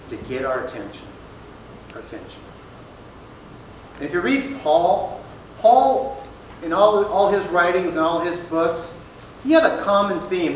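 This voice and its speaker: A man's voice: fairly high pitch, a bit bright, recorded from a distance, slight background noise. Man teaching a group in an echoey room. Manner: conversational, plain-spoken, asks the room questions. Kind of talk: casual sermon teaching.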